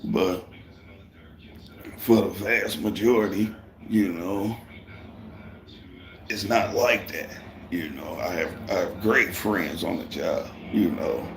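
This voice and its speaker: A man's voice: low voice, slow pace, creaky, long pauses, a little hiss or hum. A middle-aged man telling a profane, heated work story to viewers of a live stream. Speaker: construction worker and livestreamer. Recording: roomy echo.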